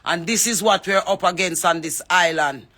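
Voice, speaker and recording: A Jamaican singer with a Jamaican accent makes a fervent, preachy appeal on social media, calling people out by name. Her lowish voice sounds pushed and bright at a moderate pace.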